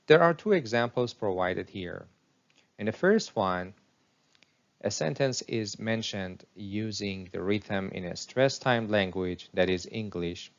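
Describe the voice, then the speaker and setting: Slow, low-voiced man teaching pronunciation. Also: muffled recording. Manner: reads example sentences slowly and deliberately. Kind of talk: slow scripted lesson narration.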